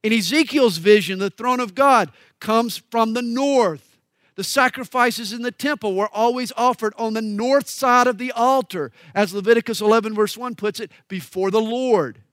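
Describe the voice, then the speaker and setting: A high-pitched Southern American pastor preaches a sermon with folksy emphasis at normal speed, booming out scripture readings before dropping into quiet asides. The sound is dry and close, with no echo.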